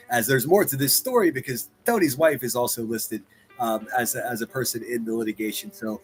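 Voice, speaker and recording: A man hosting a livestream, reacting to clips with profane mockery, jumping from loud outbursts to muttered asides. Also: medium pitch, a little fast, breathy edge, soft background music. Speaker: livestream commentator.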